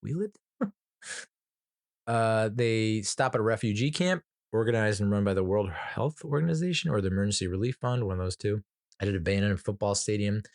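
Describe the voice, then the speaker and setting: A man's voice: on the low side, animated, moderate pace, dry recording, clean studio sound. A man hosting a podcast, casually reviewing a film in a rambling, profane way with many fillers and restarts and chuckling at his own jokes. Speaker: movie reviewer, podcast host. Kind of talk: casual movie review chat.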